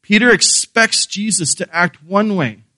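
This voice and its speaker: A man's voice: sits high, a little slow, bright, forceful tone, no echo. A man preaching a sermon, earnest and emphatic, asking rhetorical questions and repeating key phrases. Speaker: pastor.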